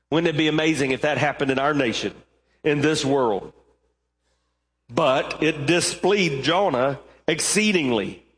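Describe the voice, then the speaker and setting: Fervent preacher in a reverberant hall. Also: male voice, mid-range voice. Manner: emphatic, rising to fervent stretches and slowing for weighty points. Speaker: pastor. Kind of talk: sermon. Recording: long reverb of a large hall.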